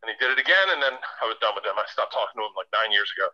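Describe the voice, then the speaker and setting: A man telling a story on a podcast, animated and profane, acting out what others said. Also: lowish voice, racing, muffled recording. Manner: animated, profane, acts out quotes. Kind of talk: casual storytelling.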